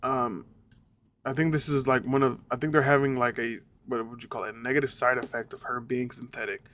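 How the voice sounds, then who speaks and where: A man's voice: medium pitch, flat delivery, a little fast, a bit bright. A young man giving a casual, rambling spoken review of a show, often repeating himself and swearing when he gets annoyed. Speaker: reaction reviewer.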